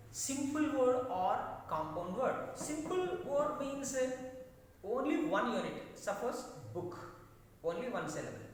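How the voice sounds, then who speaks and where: A man teaching an English lesson with a Telugu accent, slowly repeating each word aloud for students to drill. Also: high voice, a little hiss or hum. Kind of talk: classroom lecture. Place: classroom. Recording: echoey classroom recorded from a distance.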